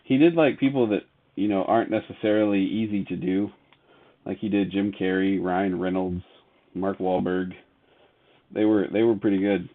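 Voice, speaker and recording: A man with a low, steady voice at normal speed hosts a casual live sports card break over tinny, phone-like audio. He reads player names off cards in a running list, laughing often and chatting with viewers between cards.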